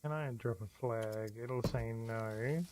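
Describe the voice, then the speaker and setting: An excitable game streamer with a mid-range voice gives live gameplay commentary, taking it slowly. He swears freely and talks to himself, with faint background noise in the recording.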